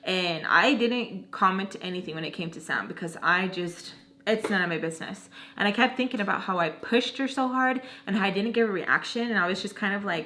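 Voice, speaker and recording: A young woman in her twenties spins a storytime for her channel, chatty and slangy, with "like" in almost every line. Her voice sits at an ordinary middle pitch for a woman. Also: fairly quick, pushed and bright. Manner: chatty, slangy, heavy use of "like". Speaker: vlogger. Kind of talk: storytime vlog.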